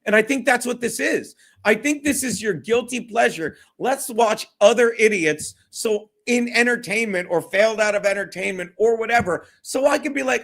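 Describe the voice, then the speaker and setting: A man's voice: high-pitched, animated, moderate pace, few pauses, fairly bright tone. A man hosting a casual solo livestream, rambling, swearing and often breaking into laughter. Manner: profane, giggly, rambling. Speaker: livestream host.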